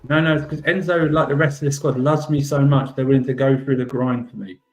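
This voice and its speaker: Man as defensive football boss, rambling, self-praising, mid pitch, comedic role-play. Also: fairly even intonation, quick pace, lightly acted. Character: embattled male football manager defending his record.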